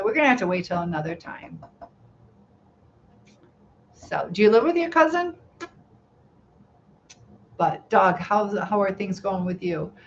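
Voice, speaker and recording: A woman's voice: medium pitch, lo-fi sound, a little hiss or hum. Chatty middle-aged woman hosting a live chat. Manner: chatty, laughs often, reads viewer comments aloud. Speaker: live stream host. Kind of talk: casual live chat reading comments.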